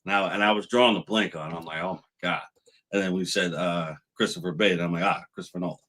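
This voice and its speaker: A man's voice: low-pitched, steady tone, quick pace, pushed and bright. A man co-hosting a casual wrestling review, laid-back and rambling, chuckling as he talks. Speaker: podcast co-host.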